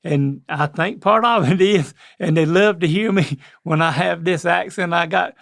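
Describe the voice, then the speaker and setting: An older man with a Southern North Carolina accent, co-hosting a casual chat in a slow, rambling way. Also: sits high, vocal fry, fairly bright tone, dry recording, clean studio sound. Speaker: co-host.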